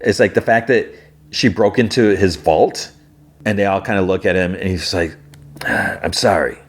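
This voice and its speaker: A man hosting a podcast, casually recapping a TV episode and quoting the characters' lines, with plenty of fillers like "like" and "uh". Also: deep voice. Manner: recounts scenes with quick quoted dialogue, many fillers. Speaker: podcast host.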